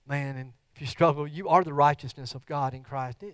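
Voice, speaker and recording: A middle-aged man preaching a sermon as a church pastor, moving between loud, fervent declarations and soft, earnest talk. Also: fairly high pitch, steady tone, fairly quick, smooth, no echo, clean studio sound. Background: guitar music.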